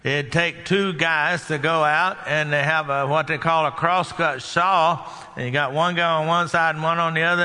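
Male preacher, folksy sermon style, very bright tone, long hall reverb. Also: fairly high pitch. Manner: folksy, conversational, asks the congregation questions.

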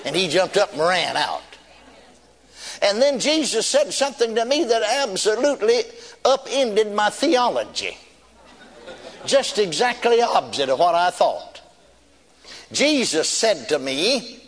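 A man's voice: high-pitched, very animated, moderate pace. An older man preaching a sermon, telling a story in a folksy way with emphatic repetition. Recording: long reverb of a large hall.

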